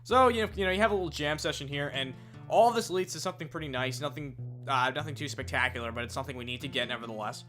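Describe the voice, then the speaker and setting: A young man talks through a video game in a loose, wry ramble, tossing in asides and the occasional swear. His voice is bright and sits a little high. Faint music plays underneath. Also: fast talker. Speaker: let's play commentator. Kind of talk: game commentary, reading dialogue aloud.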